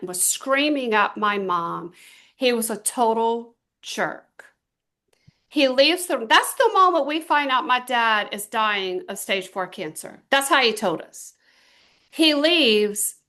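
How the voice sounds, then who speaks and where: Middle-aged woman, kinda high voice, coaching her team, storytelling, leans hard on key words. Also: bright, forceful tone. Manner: emphatic, storytelling, drawn-out stresses. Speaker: team trainer. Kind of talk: motivational talk to a small group.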